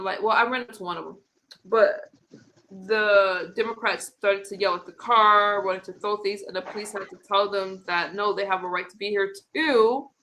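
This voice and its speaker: A woman's voice: mid-range voice, sharp tone, low-quality recording. A woman hosting a casual political talk stream, chatty and rambling, often restarting her sentences. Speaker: host of a political commentary stream. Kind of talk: casual chat with co-hosts.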